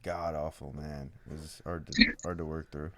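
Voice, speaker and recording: A man in a relaxed studio podcast chat as a guest fighter, blunt and fired up as he rambles. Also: a bass voice, moderate pace, no room sound.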